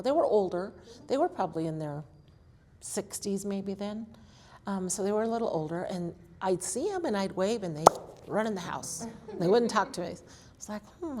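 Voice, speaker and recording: A woman in her sixties telling family stories in an oral history interview, acting out what people said. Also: fairly low pitch. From Colorado, USA. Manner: animated storyteller, acts out quotes.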